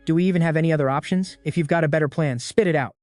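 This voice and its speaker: Man reading hot-tempered king, commanding, angry, fairly high voice, dry sound. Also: racing, darkish tone, no echo, soft background music, lightly acted. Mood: frustrated, commanding. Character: harried king, middle-aged man, quick-tempered.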